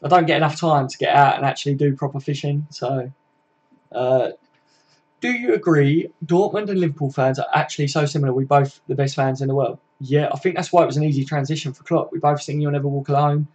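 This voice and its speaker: A man's voice: on the high side, a little fast, a little mellow. A man, chatting casually and rambling on a live stream to his viewers. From England. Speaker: fan channel host.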